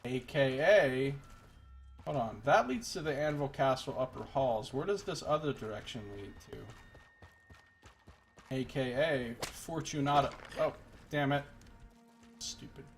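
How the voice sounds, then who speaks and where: A man streams himself playing a game, talking casually into a desk microphone in an ordinary mid-pitched voice. He rambles and jokes, now and then breaking into exasperated rants. Faint game music plays underneath. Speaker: let's play streamer. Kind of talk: gameplay commentary.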